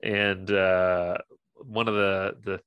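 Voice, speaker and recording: A man with a very deep voice chats about a movie on a podcast, relaxed and agreeable, filling his talk with yeahs and ums. The recording is dry, with little room sound. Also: slow pace, smooth, no echo, dull audio. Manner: laid-back, agreeable, lots of yeahs and fillers. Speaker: podcast co-host. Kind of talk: casual movie chat.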